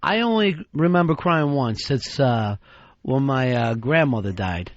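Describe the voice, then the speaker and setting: A man hosting a radio talk show, teasing his co-host with crude insults and deadpan dark jokes. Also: mid-range voice, a little slow, no echo. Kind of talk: crude comedic radio banter. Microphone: studio microphone. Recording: dull dry radio studio sound.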